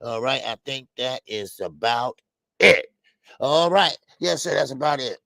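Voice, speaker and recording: A man hosting a casual boxing live stream, shouting out viewers in the chat one by one with drawn-out greetings. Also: mid-range voice, lively intonation, creaky, no room sound. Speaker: boxing show host.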